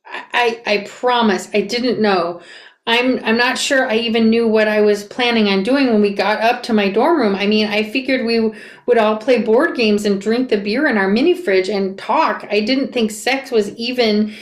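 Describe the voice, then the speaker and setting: A young woman reading a memoir aloud and reacting to it, expressive and flustered as she re-enacts the narrator. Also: medium pitch, moderate pace. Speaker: reader and reaction creator. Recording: echoey room.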